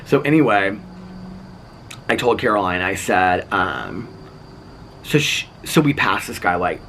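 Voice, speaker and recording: A man tells a rambling story to his camera, chatty and animated, leaning on "like" and "so anyway." His voice sits a little low but comes across bright and forceful, with a faint hiss of noise behind it. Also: unhurried. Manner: chatty, animated, acts out other people's lines; filler-heavy, lots of "like" and "so anyway". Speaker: vlogger. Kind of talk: casual storytelling.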